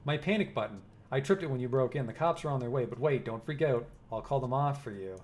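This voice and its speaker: A man's voice: mid-range voice, lively intonation, fast talker, darkish tone, close to an everyday voice. A man reading as a prickly little hacker. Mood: placating. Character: small tattooed male hacker, defensive. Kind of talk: reading game dialogue aloud.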